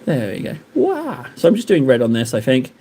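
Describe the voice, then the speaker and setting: A man's voice: medium pitch, wildly swooping pitch, brisk, mellow, slight background noise. A man streaming while he paints miniatures, chatting and joking with his viewers in a rambling way. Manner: joking, rambling banter with chat.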